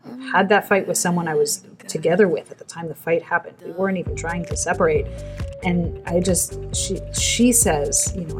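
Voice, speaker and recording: Woman podcast guest, lower register, earnest film chat, light music underneath. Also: moderate pace. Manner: animated, earnest, talks at length. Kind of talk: casual film discussion.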